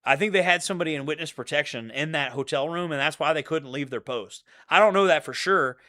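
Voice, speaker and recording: A man with a bright, forceful voice talks in a casual, meandering monologue. His pitch sits a little above average, and he keeps repeating phrases as he goes. He swears freely and loops back on his points. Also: fast talker. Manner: rambling, profane, repeats himself. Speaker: channel host.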